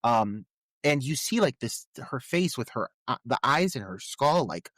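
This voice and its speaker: A man co-hosting a podcast, talking through a film in relaxed chat, full of filler words. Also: medium pitch, a little slow, no echo, studio quality. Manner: conversational, many filler "like"s. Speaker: podcast co-host. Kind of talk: casual film discussion.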